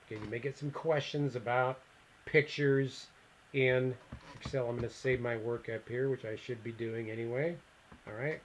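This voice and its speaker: A man walks through a software tutorial at a middle pitch, reading out each step and muttering quiet asides to himself as he clicks. A faint hiss sits under the recording. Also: rough recording. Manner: thinks aloud, mutters asides while clicking. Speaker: instructor.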